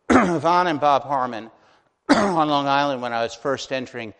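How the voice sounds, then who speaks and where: A male pastor delivers a sermon in an earnest, pastoral manner. His voice sits at an ordinary middle pitch and trails off into a long, lingering hall reverb. He slows down deliberately to press home key lines. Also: lively intonation, a bit bright.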